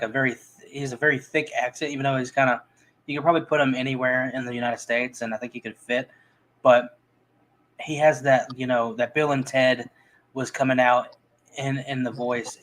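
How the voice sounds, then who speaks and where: A man's voice: mid-range voice, fairly bright tone, poor audio. A man reviewing movies in a casual, rambling chat, full of restarts and fillers.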